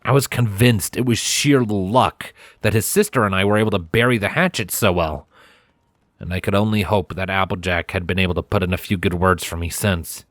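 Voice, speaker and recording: A man narrating a fanfiction audiobook in the first person, with a measured storytelling delivery. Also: low-pitched, no room sound, clean studio sound.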